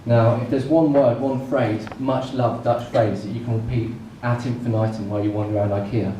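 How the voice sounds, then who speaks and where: A man doing a stand-up comedy set on a club stage, telling a story with comic pauses. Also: mid-range voice, fairly even intonation, dark tone. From England. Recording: echoey room, mic far off, noisy.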